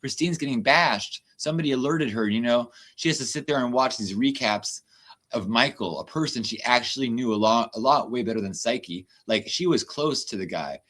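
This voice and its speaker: A male livestream host talks in a loose, heated rant, full of swearing and quick exasperated turns. His voice sits at an ordinary middle pitch for a man. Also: lively intonation, a bit bright. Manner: profane, fast-shifting, exasperated.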